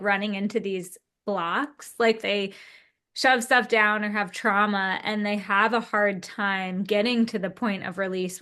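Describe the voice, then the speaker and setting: A woman hosts a casual interview, putting her questions slowly and thoughtfully. Her pitch sits in the middle range and her pace is very unhurried. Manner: slow, thoughtful questions with soft listening murmurs. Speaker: podcast host.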